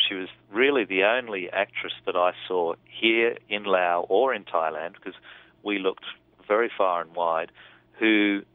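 A man's voice: low voice, dry recording. A man, a film director, talking about his film in a casual interview, thoughtful and rambling with restarts. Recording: tinny phone line.

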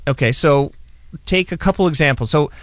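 A man's voice: fairly high pitch, fairly quick, a bit bright, a little hiss or hum. A man hosting a show in casual chat, playful and talkative, often jumping in to rephrase what his guest says. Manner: playful, chatty, jumps in to rephrase. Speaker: podcast host. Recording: dull lo-fi dry recording.

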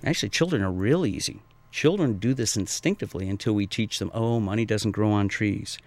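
Middle-aged male trainer, gravelly low voice, loose and meandering in interview. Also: brisk, a little mellow, no echo. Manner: rambling, acts out quoted people in high voices. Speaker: martial arts and fitness trainer. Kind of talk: casual interview answers.

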